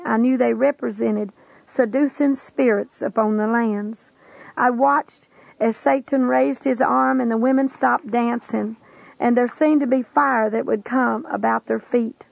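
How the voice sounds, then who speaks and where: Woman preacher, solemn testimony delivery, slightly high gravelly voice. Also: no room sound, poor audio. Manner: solemn, earnest storytelling with old-fashioned scriptural wording. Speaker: preacher recounting a vision. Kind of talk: testimony sermon.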